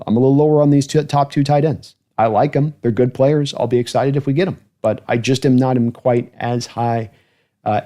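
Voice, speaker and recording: A man hosts a football livestream in a loose, chatty way, rambling through his thoughts and thanking viewers as he goes. His voice sits at an ordinary middle pitch, relaxed and conversational. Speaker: host of a football fan channel livestream. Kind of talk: casual livestream commentary.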